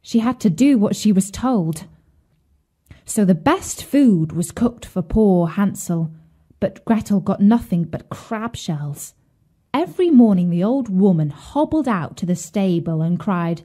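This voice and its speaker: A woman narrating a children's fairy tale in an expressive storytelling voice. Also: mid-range voice, unhurried.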